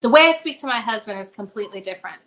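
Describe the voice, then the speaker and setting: A middle-aged woman, a spiritual advisor, tells a personal story as a podcast guest, earnest and halting, often restarting her phrases. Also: on the high side, a bit bright, low-quality recording.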